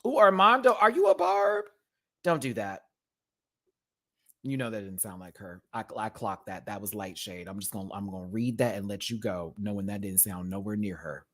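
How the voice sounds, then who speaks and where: In a lowish voice with fairly even intonation, a Houston, Texas host comments casually on a live reaction show. Quick campy asides, sass and lots of laughter mark his style.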